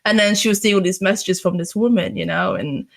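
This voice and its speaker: This is a young woman from the UK, an interview guest who talks in loose, rambling chat. Her sentences pile up fillers and curse words as she tells her story. Her voice sits at a middling pitch. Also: fairly even intonation, brisk, gravelly. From United Kingdom. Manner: chatty storytelling, heavy fillers, swears freely. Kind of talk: casual chat.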